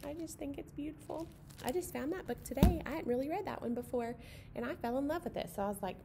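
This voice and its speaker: A woman leading a children's library storytime, cheerful and chatty, with fillers and quick asides. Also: high-pitched, noisy background.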